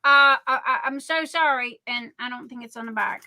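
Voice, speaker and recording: A middle-aged woman hosting a casual livestream, telling stories in a rambling, excitable way. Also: high voice, moderate pace. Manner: rambling, excitable, chatty storytelling. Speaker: livestream host.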